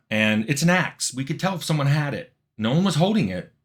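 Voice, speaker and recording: A middle-aged man casually telling a funny anecdote in a relaxed, wry way, sometimes laughing as he goes. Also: mid-range voice, brisk. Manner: relaxed, wry, laughs at his own story. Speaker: game developer telling a story.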